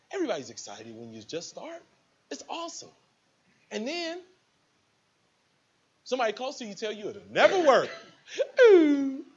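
A man's voice: extremely high pitch, huge pitch swings, normal speed, pauses often, breathy edge, lo-fi sound. A man giving a preachy motivational speech to a live audience, acting out little scenes with quoted voices. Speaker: motivational speaker at a business event.

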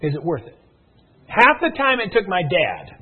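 A man's voice: sits high, wildly swooping pitch, moderate pace, slightly rough. A man giving a motivational speech at a sales meeting, emphatic and repetitive, telling stories to push his audience. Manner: emphatic, repetitive, storytelling, rising and falling intensity. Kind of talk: motivational speech to a live room. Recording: tinny phone-like audio.

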